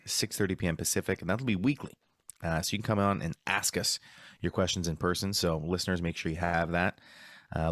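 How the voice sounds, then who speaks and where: A man's voice: low-pitched, no room sound, clean studio sound. A man hosting a sports podcast, talking in a laid-back, rambling way. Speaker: podcast host. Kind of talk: casual podcast chat.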